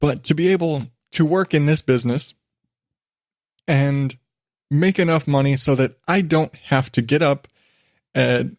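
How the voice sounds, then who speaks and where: A man's voice: on the high side, measured pace, long pauses, a little mellow, dry recording. A man hosting his own podcast from his desk at home, rambling casually and mocking himself, with the odd swear. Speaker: podcast host. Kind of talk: casual solo podcast monologue.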